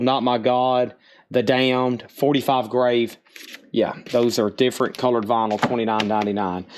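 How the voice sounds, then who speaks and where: A man hosting a live-streamed vinyl record sale, briskly rattling off album titles, starting bids and who bought what. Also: medium pitch. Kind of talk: live-stream auction patter.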